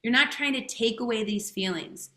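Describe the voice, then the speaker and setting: Woman, coach, podcast guest, casual, emphatic, crisp bright tone, echoey room recording. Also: a little high, normal speed. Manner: casual, emphatic, swears freely. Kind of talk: podcast interview chat.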